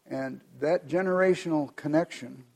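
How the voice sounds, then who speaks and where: An American man delivers a sermon in a gravelly, husky voice that sits a little high for a man. His tone is dark and mellow, and his manner is earnest and measured as he reads scripture and explains it. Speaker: pastor.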